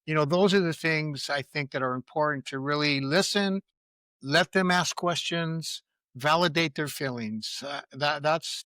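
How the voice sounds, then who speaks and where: A middle-aged man with a slightly high, bright and forceful voice talks earnestly as a guest parenting coach. He reflects candidly on his own experience. The sound is close and dry. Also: unhurried, dry recording. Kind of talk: candid interview answer.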